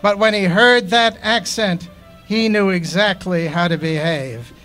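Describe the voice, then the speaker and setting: A man reads his own memoir poetry at a festival, measured and unhurried. His voice is high for a man, with faint music behind him. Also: sharp tone. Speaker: poet reading his own work. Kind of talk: live poetry reading of memoir prose.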